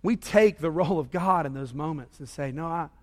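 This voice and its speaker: High-pitched preacher guy, quiet then loud and emphatic, big echoey church hall. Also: expressive, a little fast. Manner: builds from quiet reading to loud emphatic repetition. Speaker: pastor. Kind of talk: sermon. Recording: long hall reverb.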